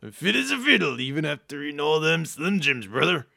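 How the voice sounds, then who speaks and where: Wrestling star voice, gravelly, high and booming, bright edge. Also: male voice, very animated, brisk, full character voice. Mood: boastful. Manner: growly, shouting, calls everyone brother. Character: gravelly hyped-up male wrestling star impression.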